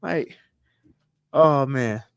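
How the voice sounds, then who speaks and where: Gravelly-voiced man telling a story. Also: medium pitch, drawn-out words, no echo. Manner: animated, swears freely, laughs through his own stories. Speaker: podcast co-host. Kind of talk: casual storytelling chat.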